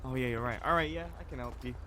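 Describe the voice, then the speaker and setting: A man playing a police officer in a game roleplay, casual and teasing, throwing deadpan jabs. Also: mid-range voice, rapid-fire, slight background noise. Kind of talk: in-character game roleplay chat.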